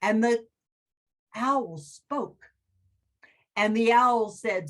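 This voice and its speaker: A woman who is head of a school, telling a children's story with expressive, dramatic delivery. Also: a little high, drawn-out words. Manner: expressive, dramatic read-aloud.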